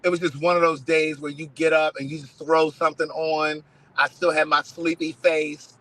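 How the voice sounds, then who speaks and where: Animated man chatting from his car. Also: a little high, normal speed, low-quality recording. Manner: storytelling, animated, swearing. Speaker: host. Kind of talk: casual live-stream chat.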